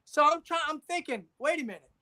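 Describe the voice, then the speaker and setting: A man's voice: very high voice, expressive, brisk, bright, forceful tone. A man co-hosting a casual sports talk show, insistent, repeating himself and checking agreement with "right?". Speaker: podcast co-host.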